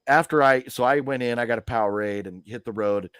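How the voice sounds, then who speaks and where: A man's voice: medium pitch, brisk, a bit bright, smooth, no room sound, studio quality. A man hosting a live movie news stream, telling stories in a rambling, chatty way with lots of fillers. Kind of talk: casual chat.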